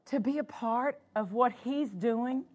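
Woman pastor, high voice, unhurried sermon delivery, church sanctuary. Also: darkish tone. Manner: preaching with repeated exclamations of praise.

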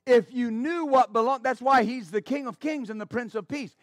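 High-pitched guy preaching, all fired up, stumbles over words, dry sound. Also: moderate pace, no room sound. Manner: fervent, exclaiming praise, stammering restarts. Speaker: pastor. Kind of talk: sermon.

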